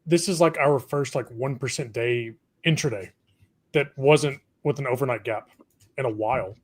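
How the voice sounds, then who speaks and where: A man's voice: mid-range voice, moderate pace. Laid-back man in casual market chat. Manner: laid-back, laughs often, trails off mid-sentence. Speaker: co-host of a live trading stream.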